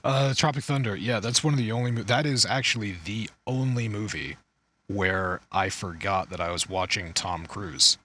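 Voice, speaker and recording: A man's voice: on the low side, moderate pace, bright, forceful tone, slight background noise. A man co-hosting a podcast, chatting casually about movies and shows, rambling, swearing and losing his train of thought. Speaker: podcast co-host. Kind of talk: casual chat.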